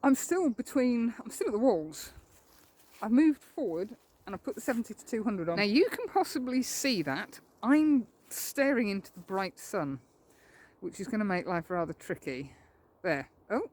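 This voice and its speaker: A woman's voice: medium pitch, very animated, normal speed, a little mellow. A woman photographer chatting as she walks through woodland, thinking aloud in a self-deprecating way. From England. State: a little out of breath while walking. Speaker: landscape photographer. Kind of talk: outdoor vlog narration. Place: outdoors in woodland.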